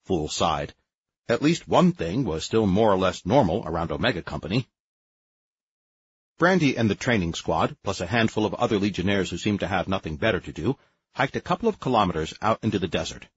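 A man reading an audiobook in scripted narration, lively and expressive. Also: sits low, brisk, breathy edge, no room sound, dull audio.

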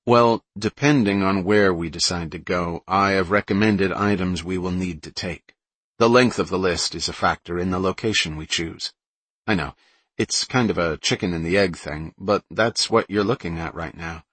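A man reading a brainy teenage girl who explains her plans in a precise, calm way, in an audiobook. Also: low-pitched, moderate pace, slightly rough, no echo. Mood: explaining.

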